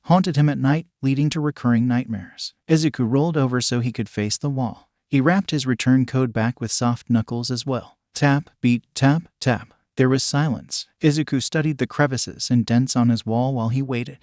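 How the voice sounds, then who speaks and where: A man reading a fan fiction story aloud in a steady storytelling manner. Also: medium pitch, moderate pace, hardly any pauses, no room sound, studio quality. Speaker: narrator.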